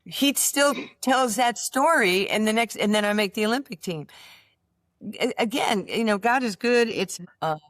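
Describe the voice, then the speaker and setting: An older woman, a basketball coach, telling lively stories in an interview and acting out the dialogue. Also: a little high, normal speed, dry recording, studio quality. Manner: lively storyteller who acts out quoted dialogue. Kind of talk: storytelling interview.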